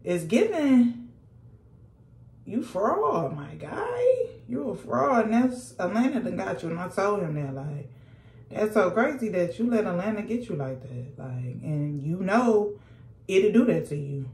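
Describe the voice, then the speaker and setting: A woman's voice: lowish voice, expressive, moderate pace, darkish tone, echoey room, slight background noise. A young woman, telling a sassy, slangy storytime while doing her makeup at home. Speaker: vlogger. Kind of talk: casual storytime chat.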